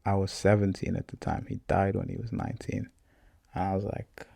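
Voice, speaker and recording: A man's voice: sits low, a little fast, vocal fry, no echo. A young man in his twenties, a podcast host, telling a personal story in a casual, repetitive way. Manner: casual, repetitive, animated retelling.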